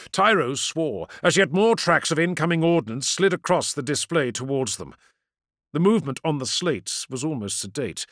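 A man's voice: a little high, a bit bright, no room sound, studio quality. A man reading a science fiction audiobook in a dramatic, vivid narration style.

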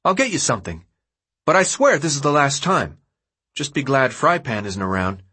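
A man's voice: medium pitch, sing-song, moderate pace, pushed and bright, breathy edge, pitched above the performer's own voice, heavily acted. A man voicing a blunt, sarcastic young boy in an audiobook reading, tossing off snappy, dismissive retorts.

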